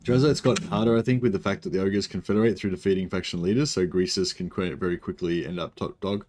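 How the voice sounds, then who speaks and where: A man's voice: sits low, steady tone, fast, a little mellow. A man giving casual, rambling commentary on a strategy game, thinking aloud with many fillers and restarts. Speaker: streamer.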